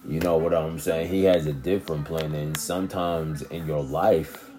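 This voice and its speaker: A man's voice: a bass voice, steady tone, normal speed, dark tone. A man talking casually to his viewers in a laid-back, rambling way, often checking in with them. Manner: laid-back, rambling, keeps asking "you know what I'm saying". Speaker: vlogger. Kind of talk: casual talk to camera.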